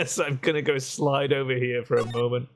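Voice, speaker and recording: A man's voice: medium pitch, a little slow, faint music behind. Man muttering casual game commentary. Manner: offhand, muttering asides. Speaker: streamer.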